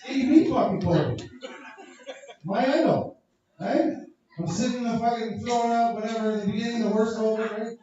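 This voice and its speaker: A man's voice: extremely high pitch, moderate pace, long pauses, dark tone. A man from Canada doing a crude, profane stand-up set at a comedy club, riffing with the crowd. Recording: echoey, dull club recording from far off.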